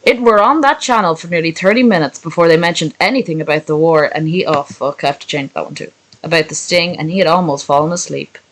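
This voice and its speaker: Reading a story on stream at a quick pace, this young woman keeps interrupting herself to swear and snark at her chat. She has a low-pitched voice, and the audio quality is poor.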